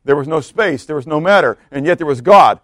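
A man's voice: a little high, animated, fairly quick, no room sound, clean studio sound. A male pastor giving a conversational sermon, often stopping to ask his listeners questions and reading scripture aloud. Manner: conversational preaching with repeated rhetorical questions.

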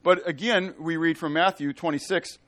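A pastor with a fairly high voice preaches at a normal speed in a relaxed, playful style. Animated throughout, he frequently acts out the people and quotes in his story.

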